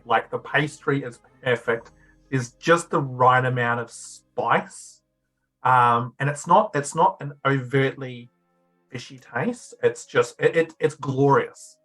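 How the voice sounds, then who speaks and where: A man's voice: medium pitch, fairly bright tone, breathy edge. A man narrating a tabletop game as game master, playful and descriptive.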